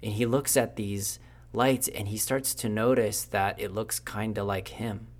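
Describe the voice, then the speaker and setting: A man's voice: fairly low pitch, steady tone, measured pace. A man telling an improvised story in a casual, unscripted way, with fillers along the way.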